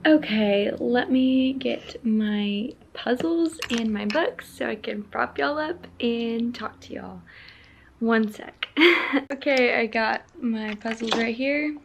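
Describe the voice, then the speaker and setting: A young woman chats to her camera in her apartment. Her voice sits a little high and has a gravelly fry. She talks slowly and reflectively, emotional and quick to laugh. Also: background noise. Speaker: vlogger. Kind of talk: casual chat to camera.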